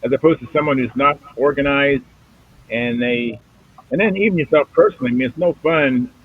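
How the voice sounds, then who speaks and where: A man's voice: medium pitch, fairly quick, husky, dry recording. Man on a tinny video-call line. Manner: rambling, filler-heavy. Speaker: host of a hobby video hangout. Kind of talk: casual chat on a video call. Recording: tinny phone-like audio.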